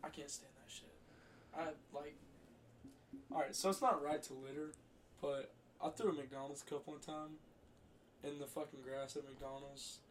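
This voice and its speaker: A man's voice: a little high, measured pace, pauses often, a little hiss or hum. A young man, from the Florida Panhandle, telling brash, profane stories as a podcast guest. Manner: brash, profane, animated storyteller. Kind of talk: casual podcast chat.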